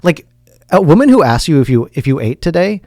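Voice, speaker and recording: Californian man with heavy vocal fry. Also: a little high, big pitch swings, a little fast, a crowd in the background. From San Francisco Bay Area. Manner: laid-back, fillers and repeated words. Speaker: guest. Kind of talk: casual podcast chat.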